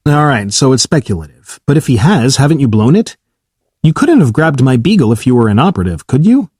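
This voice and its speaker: A man's voice: mid-range voice, big pitch swings, a little fast, a little mellow, husky, no echo, studio quality. A man voicing a blunt male naval test pilot in an audiobook, curt and clipped, swearing when pressed. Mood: exasperated. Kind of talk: audiobook character reading.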